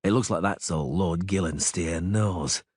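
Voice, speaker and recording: Laconic weary monster hunter, dry and calm, husky low voice, read by a man. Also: a little slow.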